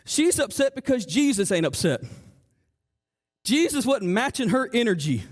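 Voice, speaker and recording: A male pastor preaching a sermon in a church, lively and animated, acting out the voices of the people in his story, with frequent stammers and restarts. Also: extremely high pitch, moderate pace. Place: church sanctuary.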